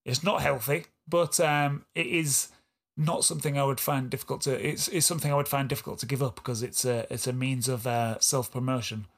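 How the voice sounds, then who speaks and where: His voice is medium-pitched and brisk, with fairly even intonation. He co-hosts a podcast, an Englishman with an East Yorkshire accent drifting through rambling, self-deprecating casual talk.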